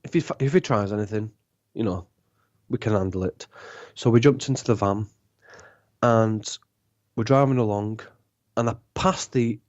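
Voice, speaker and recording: A man, a podcast guest, telling a long anecdote in a rambling, animated way and acting out the dialogue. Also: lowish voice, moderate pace, long pauses, dry recording. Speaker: podcast guest, former club DJ. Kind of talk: casual storytelling. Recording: dull lo-fi podcast audio.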